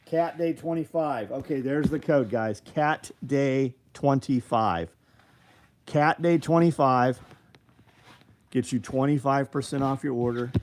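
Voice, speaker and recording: Man, middle-aged, livestream host, casual, profane, mid pitch, faint background hiss. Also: a little mellow. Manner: loose, profane, reads chat aloud.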